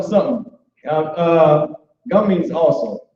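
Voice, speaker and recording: A man teaching an informal online language class, talking loosely with many restarts and filler words like "boom". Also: unhurried, mellow. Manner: loose, conversational, repeats "boom" and restarts often. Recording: echoey, dull online call audio.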